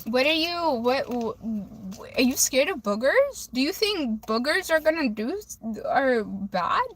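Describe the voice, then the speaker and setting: Sitting in her car, a woman livestreams from her phone camera, casually reading viewer comments aloud and chatting back. Her voice is high and very animated, though her pace is slow.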